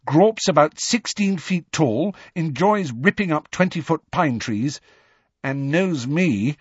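A man's voice: fairly high pitch, animated, takes it slowly, slightly rough, no echo, muffled recording, voice pushed up, heavily acted. A man reading an audiobook voices a studious, bossy teenage girl, speaking firmly and a little exasperated. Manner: firm, slightly exasperated.

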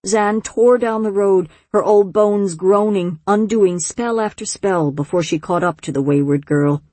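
A woman narrating a storybook in a measured, gentle reading voice, close to the mic. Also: medium pitch, no room sound. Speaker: audiobook narrator. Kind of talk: scripted narration.

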